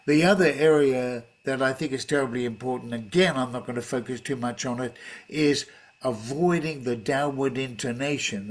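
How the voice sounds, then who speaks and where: A man leading a teacher-training workshop, explaining in a measured way with frequent fillers and restarts. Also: medium pitch. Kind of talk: online workshop talk.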